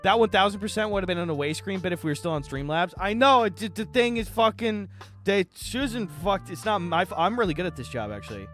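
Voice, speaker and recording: A man chatting casually on a live stream, animated, jokey and full of swearing. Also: sits high, fairly quick, faint music behind.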